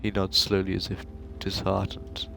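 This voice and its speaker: A man hosting a gaming video, reading a narrative game aloud in steady narration. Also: sits low, moderate pace, gravelly, a little hiss or hum. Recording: game music playing behind.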